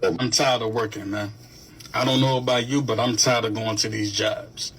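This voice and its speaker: A man's voice: fairly low pitch, steady tone, normal speed, fairly bright tone, a little hiss or hum. Weary man venting casually. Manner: weary, repetitive, laughs at himself.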